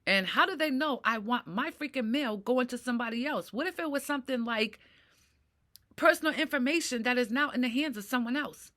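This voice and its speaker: High bright woman venting in anger. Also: a little fast. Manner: ranting, swears, keeps asking "right?". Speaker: mental health vlogger. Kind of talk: personal venting monologue.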